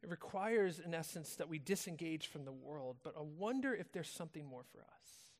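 An American man preaching a sermon in a relaxed, conversational storytelling manner, telling stories casually. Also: a little high, normal speed. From United States. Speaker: pastor. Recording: long reverb of a large hall.

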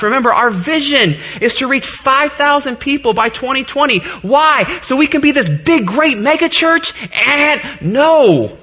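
A man's voice: very high voice, animated, unhurried, few pauses, sharp tone. A man in his thirties preaching a sermon to his congregation in a church, earnest, joking at times and getting choked up. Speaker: pastor.

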